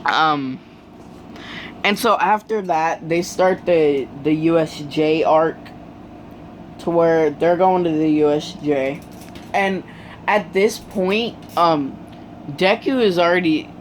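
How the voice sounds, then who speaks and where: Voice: medium pitch, a little hiss or hum. A speaker casually retelling a fan story, rambling with many fillers.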